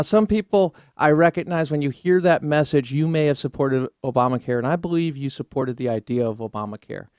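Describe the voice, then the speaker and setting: Sarcastic radio talk host, dry studio. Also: male voice, on the high side, smooth, dry recording. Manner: combative, sarcastic, rambling asides. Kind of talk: opinionated political talk radio.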